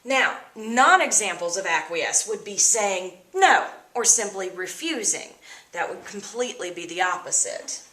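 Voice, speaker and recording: A woman teacher explaining vocabulary words to her students in an upbeat, expressive way. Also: medium pitch, a little slow, roomy sound. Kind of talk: vocabulary lesson.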